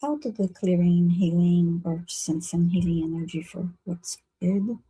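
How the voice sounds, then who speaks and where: Mellow, husky woman laughing through stream chat. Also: fairly low pitch, unhurried, dry recording, low-quality recording. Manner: giggly and easygoing, laughing often between phrases. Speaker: psychic reader co-hosting a live reading stream. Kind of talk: casual live-stream chat.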